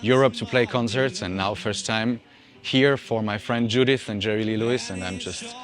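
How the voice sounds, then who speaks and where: A man's voice: fairly low pitch, normal speed. A man from Austria with an Austrian German accent, a traveling pianist speaking in an enthusiastic, touched way.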